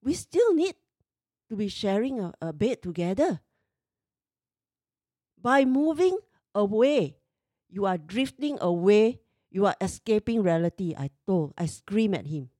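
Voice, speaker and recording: A woman's voice: medium pitch, sing-song, measured pace, long pauses, dark tone, dry recording, studio quality. Exasperated woman in her fifties. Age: 50s. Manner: emotional, exasperated retelling. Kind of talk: personal storytelling.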